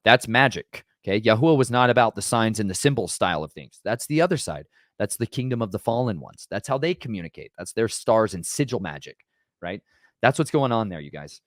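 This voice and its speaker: A man's voice: fairly low pitch, animated, brisk, dry recording, clean studio sound. A man casually retelling Bible stories, conversational and emphatic, often checking in with "right?". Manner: conversational, keeps asking "right?"; emphatic and dramatic. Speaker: podcast host.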